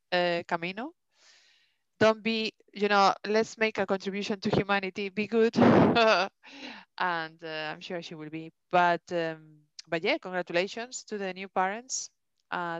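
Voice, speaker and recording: A woman co-hosting a podcast, telling a story in a casual, animated way, swearing and acting out what people said. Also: mid-range voice, smooth, no echo. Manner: animated, swears a lot, acts out dialogue. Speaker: podcast co-host. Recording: dull lo-fi dry sound.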